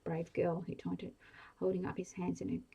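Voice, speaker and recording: A woman whispering a bedtime story in a soft, hushed and even way, in a whispered role-play style. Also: fairly low pitch, moderate pace, gravelly, slightly rough, poor audio. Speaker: audiobook reader.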